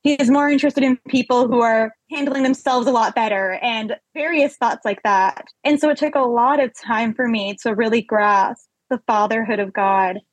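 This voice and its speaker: A young woman with a fairly high, slightly husky voice speaks as a guest in a podcast interview. She tells her personal story candidly and with animation, and the recording is dry and close. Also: fairly even intonation, normal speed, few pauses, no echo, rough recording.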